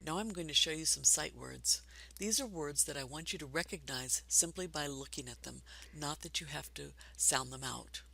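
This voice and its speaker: A woman teaching a basic reading lesson for adults, patient and encouraging, speaking slowly and clearly. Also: deep voice, pushed and bright, dry recording.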